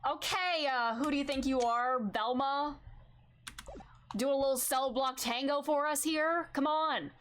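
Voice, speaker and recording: A woman streaming a game, tossing in joking, excitable asides. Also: high-pitched, a little slow, a little hiss or hum. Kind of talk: live gameplay commentary. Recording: game music behind the voice.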